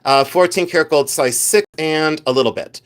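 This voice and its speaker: On a vintage jewelry livestream, a man with a fairly high voice speaks at normal speed. His selling chat is casual and rambling, addressing viewers by name, full of self-deprecating jokes and bursts of playful laughter.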